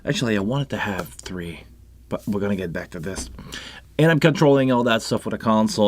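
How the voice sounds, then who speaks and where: A man's voice: mid-range voice, animated, fairly quick. A man with a French Canadian accent hosting a casual live stream about sound gear, chatting in a rambling way with many restarts and asides. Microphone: live microphone on a console setup.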